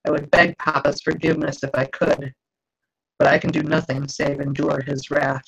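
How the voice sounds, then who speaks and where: A woman author reading her own novel aloud in a slow, dramatic, expressive way over a video call. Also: deep voice, creaky, husky. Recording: dull lo-fi video call audio.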